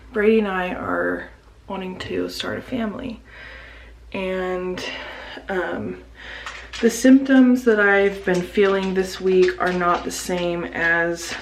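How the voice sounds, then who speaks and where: A young woman in her twenties sharing personal news in a casual home vlog, halting and hesitant with many fillers, at times dropping to a whisper. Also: medium pitch, slight background noise. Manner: hesitant, many pauses and fillers, soft and emotional. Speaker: vlogger. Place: home, getting ready in the morning.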